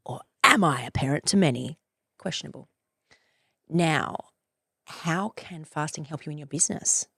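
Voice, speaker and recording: A woman in her forties hosting a podcast, talking in a loose, effusive monologue, swearing freely and leaping up in pitch for playful emphasis. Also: animated, normal speed, vocal fry, pauses often, a bit bright, husky, no room sound, studio quality. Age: 40s. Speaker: podcast host. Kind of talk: casual monologue.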